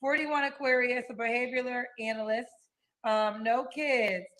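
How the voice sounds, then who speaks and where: A woman's voice: a little high, fairly even intonation, moderate pace, a crowd in the background, poor audio. A woman hosting a dating show, chatting with a guest in a familiar, easygoing way. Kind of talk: casual interview chat.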